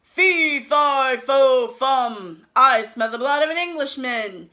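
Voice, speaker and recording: A woman voicing a huge, hungry male giant in a storybook, chanting loudly and threateningly. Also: sits high, expressive, takes it slowly, heavily acted. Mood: menacing.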